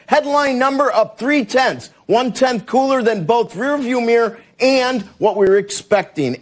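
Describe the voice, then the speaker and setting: A man reporting economic figures on business news, brisk and rattling off numbers. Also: high voice. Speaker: market reporter.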